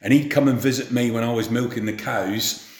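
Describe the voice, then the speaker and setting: A middle-aged man from England telling memories of his youth in an unhurried, plain-spoken way. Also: medium pitch, a little mellow. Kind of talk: spoken memoir. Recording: roomy echo.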